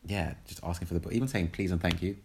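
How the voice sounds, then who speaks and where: A man co-hosting a casual chat, talking in a hesitant way with many pauses and fillers. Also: sits low, creaky, slight background noise. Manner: hesitant, lots of ums and restarts.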